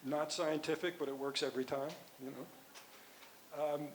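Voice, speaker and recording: An older man, a physician and author, answering audience questions at a conference in a rambling, halting way with many restarts. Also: on the high side, steady tone, a little hiss or hum, low-quality recording. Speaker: guest speaker, physician and author.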